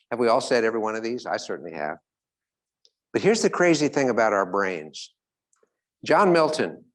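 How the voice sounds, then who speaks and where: Animated man giving a motivational talk. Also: mid-range voice. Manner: animated, acts out little characters, laughs often. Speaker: motivational speaker. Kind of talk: live motivational talk to an audience.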